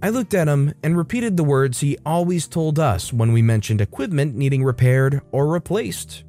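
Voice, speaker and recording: A man reading a Reddit story aloud as a narrator, steady and storytelling. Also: a little high, normal speed, soft background music.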